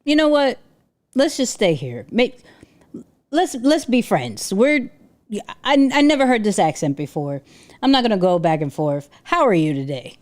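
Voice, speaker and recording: A young adult woman hosting a casual livestream, animated and exclaiming, often restarting her sentences. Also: mid-range voice, unhurried. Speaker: livestream host.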